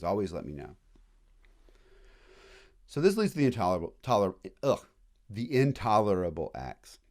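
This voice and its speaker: A man giving a casual college history lecture in a classroom, joking and acting out quick voices of historical groups. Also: sits low, a little mellow.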